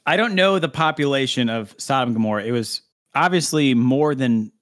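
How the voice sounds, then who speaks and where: A man of ordinary pitch reads a scripture passage aloud on a casual podcast. He keeps it light, breaking off for jokes and laughing between verses. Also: animated, a little fast, a bit bright. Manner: playful, laughing, jokey asides while reading. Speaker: podcast co-host reading scripture. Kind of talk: casual chat with scripture reading.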